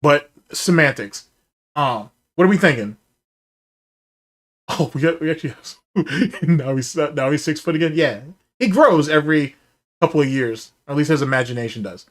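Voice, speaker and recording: A man hosts a casual livestream and ribs the clips he plays. His pitch swings widely as he teases and scoffs. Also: expressive, normal speed, pauses often. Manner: mocking, sarcastic, reacting to clips. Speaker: podcast host.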